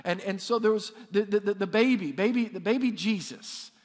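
A man preaching a sermon, lively and repetitive, calling on the congregation to answer back. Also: high-pitched, moderate pace, big-room sound. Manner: animated, repeats words, calls on congregation to respond. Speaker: pastor.

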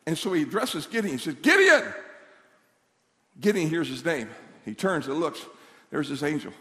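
A pastor preaching a sermon in a church hall, telling a Bible story with acted-out voices and building to shouted declarations. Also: male voice, on the high side, animated, a little fast.

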